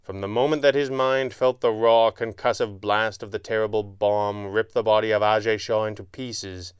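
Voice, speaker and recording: A man narrating a pulp adventure audiobook in a measured, dramatic way. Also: on the low side, fairly even intonation, clean tone, no echo, studio quality.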